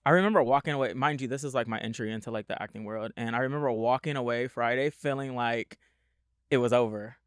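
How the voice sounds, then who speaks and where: A man hosting a casual chat, telling lively stories with frequent laughs. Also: mid-range voice, fast talker, clear, resonant tone, no room sound, studio quality. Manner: animated storyteller, laughs often. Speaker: podcast host.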